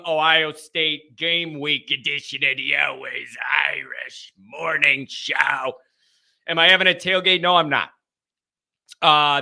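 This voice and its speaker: A man hosting a call-in football show, talking with rising passion and sometimes yelling. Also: high voice. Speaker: podcast host. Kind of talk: fired-up sports call-in show.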